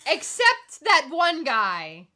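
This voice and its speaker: A woman co-hosting a casual livestream chat, teasing and blunt, quick to laugh. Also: high-pitched, huge pitch swings, background noise. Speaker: co-host.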